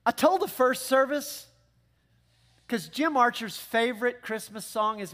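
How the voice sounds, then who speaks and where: Animated high-voiced male pastor preaching. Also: measured pace. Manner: animated, conversational preaching with joking asides. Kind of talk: sermon.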